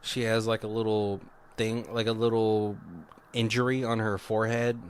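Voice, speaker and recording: A man co-hosting a casual podcast, rambling through a movie plot with lots of swearing, laughter and quick voiced-out character lines. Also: on the low side, flat delivery, clear, resonant tone. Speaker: podcast co-host. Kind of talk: casual movie recap chat.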